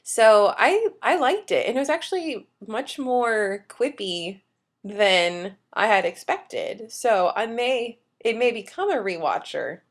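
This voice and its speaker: A woman's voice: fairly high pitch, animated, slow pace. A woman co-hosting a podcast, chatting casually and recapping an episode with playful jokes. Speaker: podcast co-host.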